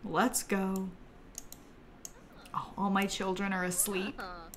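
A woman's voice: medium pitch, flat delivery, slow. A young woman streaming a life-simulation game, chatting casually, giggling and talking to the characters on screen. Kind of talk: casual gameplay commentary.

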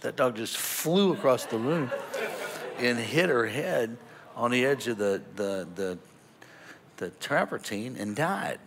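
A pastor preaching from the pulpit, a man with a bright, forceful voice. He spins his story in a loose, conversational way, chuckling as he goes. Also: fairly low pitch, husky. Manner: animated, chatty, laughing at his own story. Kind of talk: sermon storytelling.

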